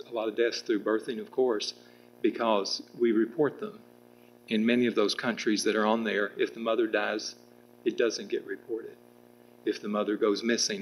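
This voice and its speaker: A man's voice: on the low side, a little hiss or hum, poor audio. A middle-aged man answering at a public political debate, rambling with restarts and fillers. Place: public meeting room with audience.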